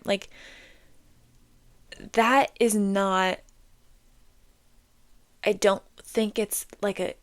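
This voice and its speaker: A woman's voice: mid-range voice, fairly even intonation, extremely slow, pauses often, no echo. A young woman hosting a casual solo talk, rambling and emphatic, with frequent "like" and blunt swearing, recorded on her phone indoors. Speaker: podcast host. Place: indoors under an air vent.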